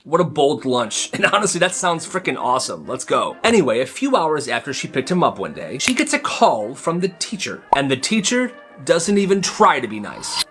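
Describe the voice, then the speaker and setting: A man's voice: fairly high pitch, sing-song, normal speed, few pauses, fairly bright tone. A young man telling stories casually in a chatty, sarcastic way, mocking the people in them. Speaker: storyteller. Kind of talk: casual storytime narration. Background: faint music.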